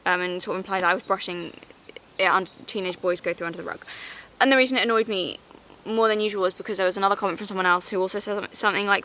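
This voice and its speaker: A woman's voice: medium pitch, pushed and bright, a little hiss or hum. A woman vlogger talking straight to camera in a rambling, exasperated way, full of fillers and restarts, answering comments. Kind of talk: casual vlog chat.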